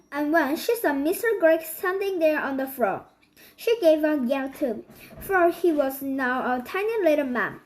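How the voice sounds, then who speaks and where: A woman reading a children's book aloud, halting and restarting often. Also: high-pitched, low-quality recording. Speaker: storybook reader.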